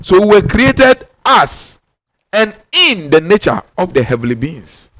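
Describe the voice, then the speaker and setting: A man's voice: high voice, sing-song, bright, forceful tone, no room sound. Ghanaian male spiritual teacher, raised voice, insistent delivery, dry room. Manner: emphatic, repeats key lines for stress; insistent, drawn-out stressed words.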